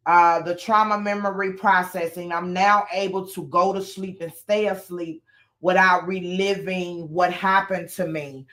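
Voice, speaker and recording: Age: adult. Sex: woman. Pitch: low. Tone: bright, forceful. Style: casual live chat with ums and pauses. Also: steady tone. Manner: talks easily, with frequent ums and pauses. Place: at home.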